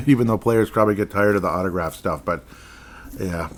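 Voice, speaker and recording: A man's voice: low-pitched, normal speed. A man hosting a casual sports podcast, rambling and jokey, chuckling often as he talks. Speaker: podcast host.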